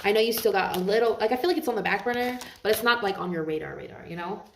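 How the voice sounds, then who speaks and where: A woman's voice: mid-range voice, rapid-fire, a little hiss or hum. A woman giving a tarot reading to her viewers, earnest and heartfelt, often repeating and restarting her phrases. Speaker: tarot reader. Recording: roomy echo, mic at a distance.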